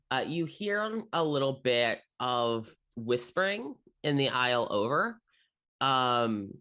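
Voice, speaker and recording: A man running a tabletop game as game master, narrating the scene in a relaxed, rambling way full of ums and uhs. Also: medium pitch. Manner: relaxed and rambling, with frequent 'um' and 'uh'.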